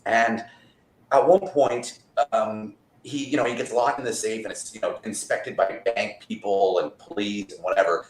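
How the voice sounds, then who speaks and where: A man's voice: lowish voice, fairly even intonation, moderate pace. A man as a guest magician, telling rambling stories in a laid-back way over a remote call from a borrowed apartment. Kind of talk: casual interview chat. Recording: roomy echo.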